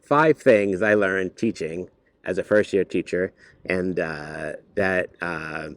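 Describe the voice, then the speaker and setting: A man who is a high school teacher, talking casually to camera in an earnest, rambling way with many fillers and restarts. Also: takes it slowly, no echo. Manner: turns lively and higher when driving a point home. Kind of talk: casual vlog talk to camera.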